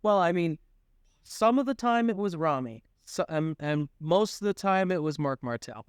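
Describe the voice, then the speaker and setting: Young male co-host, smooth clear tone, animated pitch, quick deadpan jokes, dry sound. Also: dry recording. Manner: joking, quick deadpan quips. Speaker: podcast co-host. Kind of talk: casual chat.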